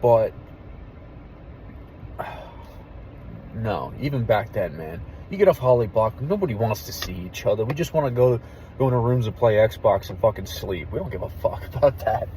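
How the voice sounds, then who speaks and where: A young man, an army veteran, telling a story casually and candidly, with plenty of swearing and a hushed drop in voice at the tense parts. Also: fairly low pitch, sing-song, moderate pace, long pauses, a little hiss or hum, poor audio. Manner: candid, profane, drops to a hush for tense moments.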